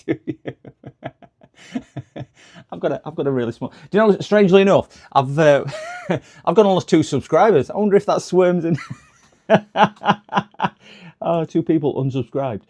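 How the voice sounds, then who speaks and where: A man's voice: fairly high pitch, a little mellow. A man hosting a live repair stream, chatting casually and rambling with lots of fillers from his workshop.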